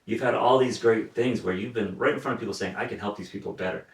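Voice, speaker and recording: A man, a co-founder and business developer, talking in a casual conversation. He is supportive and talks quickly. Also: fairly low pitch. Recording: echoey room, mic at a distance.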